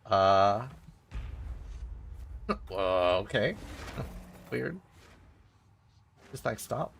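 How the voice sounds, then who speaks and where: A man's voice: lowish voice, lively intonation, very slow, vocal fry, slight background noise. A man chatting casually and joking with viewers while streaming a game. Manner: joking, chatty, laughs often.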